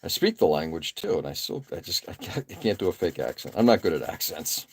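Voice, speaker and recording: Deep-voiced with a breathy edge, this man talks fairly quickly while working on a model kit during his live stream. In his forties, he rambles in a laid-back way, dropping plenty of uhs and poking fun at himself.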